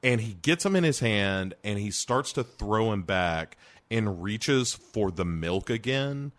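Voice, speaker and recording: A man's voice: fairly low pitch, animated, slow, fairly bright tone. A man co-hosting a casual film review chat, giving wry, sarcastic commentary with the odd curse. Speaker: podcast co-host reviewing a film.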